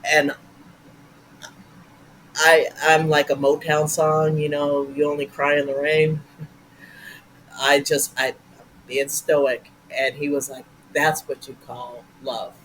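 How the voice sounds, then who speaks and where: An older woman, a guest improviser, telling animated stories in a casual interview and swearing freely. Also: low voice, slow pace, long pauses, a little hiss or hum, low-quality recording.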